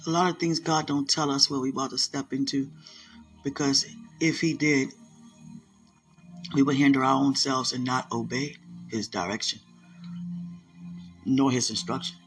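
A man hosting a podcast, speaking an emotional spiritual monologue in a halting way, often repeating himself and sighing. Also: medium pitch, fairly even intonation, soft background music. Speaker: podcast host.

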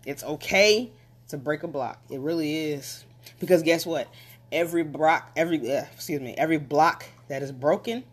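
Emphatic motivational talker, casual monologue. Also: mid-range voice. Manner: emphatic, repetitive, rising to passionate pushes.

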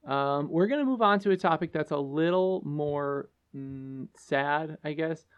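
A man co-hosting a casual podcast, talking in an earnest, halting way with many fillers. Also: a little high, clean tone, dull audio. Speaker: podcast co-host.

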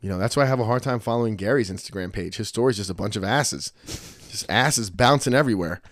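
Man, middle-aged, low voice, dry close sound, swears a lot, acts out quotes. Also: quick pace, dry recording. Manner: profane, animated storyteller acting out quotes. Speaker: podcast host, martial arts school owner. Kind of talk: casual chat, storytelling.

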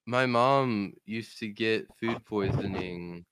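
A young man from Louisiana, a guest on a casual podcast, talking in halting bursts with restarts. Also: on the low side, fairly bright tone, a little hiss or hum.

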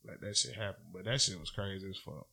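A man co-hosting a casual podcast, telling a story in a loose, profane and animated way. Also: low voice, fast talker, creaky, husky. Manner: profane, animated storytelling, loud when riled. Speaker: podcast co-host.

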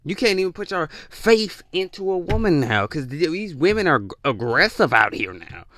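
A man's voice: normal speed, no room sound, studio quality. A man giving relationship advice in a blunt, profane, preachy rant. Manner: blunt, profane, preachy, lively swings in pitch. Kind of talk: ranting monologue.

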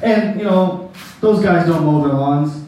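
A man's voice: on the high side, measured pace, mellow, a little hiss or hum. A man preaching a sermon who tells a personal story in a rambling, folksy way and laughs at his own jokes. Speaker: pastor. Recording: echoey hall, distant mic.

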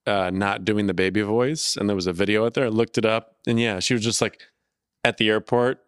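A man co-hosting a podcast, talking in a rambling, profane way with sudden loud bursts. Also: on the low side, fairly even intonation, a little fast, clean tone, no room sound, clean studio sound. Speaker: podcast co-host. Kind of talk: casual chat.

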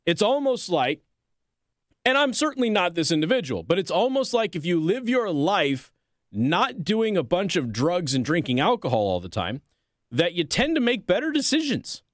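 A man with a slightly higher voice runs a political commentary show. He reads news passages aloud, then cuts in with biting, combative remarks. The recording is dry and close, with no room sound. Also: very animated, normal speed, dry recording. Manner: sarcastic, combative asides between read passages.

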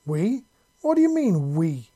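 Guy voicing a scrawny jittery raider, talks fast, squeaks up high. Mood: panicked. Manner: fast, nervous, high-pitched yelling. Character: scraggly skinny panicky male raider.

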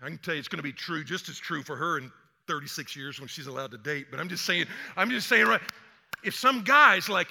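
Older male pastor, bright high voice, lively conversational sermon with long room reverb. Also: fairly quick, vocal fry. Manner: energetic, conversational, acts out quotes. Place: church sanctuary.

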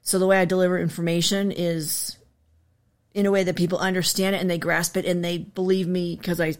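A woman's voice: fairly low pitch, little pitch movement, brisk. Blunt New woman. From Massachusetts. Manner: direct and blunt. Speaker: dog trainer guest. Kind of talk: casual chat.

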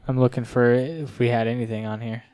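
A man's voice: mid-range voice, steady tone, a little fast, warm tone, clean tone, no echo, faint music behind. A man hosting a podcast, talking in laid-back casual chat full of swearing. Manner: laid-back, profane banter. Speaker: podcast host.

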